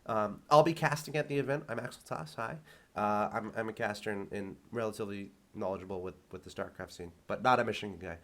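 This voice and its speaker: A man's voice: fairly low pitch, quick pace. A man hosting a casual esports chat show, his voice nasal from a cold, often stumbling over the first words. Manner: stammering, repeats words at starts. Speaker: host and caster.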